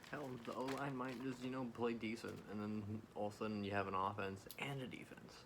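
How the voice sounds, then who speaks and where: A man hosting a soft-spoken ASMR video, rambling and correcting himself as he talks. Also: lowish voice, fairly even intonation, a little fast, background noise. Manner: rambling, self-correcting, chatty. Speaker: ASMR channel host.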